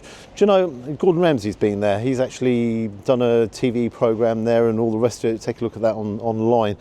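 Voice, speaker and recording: Excitable man reviewing food. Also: mid-range voice, a little fast. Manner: excitable, exclaims and repeats words. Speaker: food vlogger. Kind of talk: casual restaurant review to camera. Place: restaurant, then outdoors in the street.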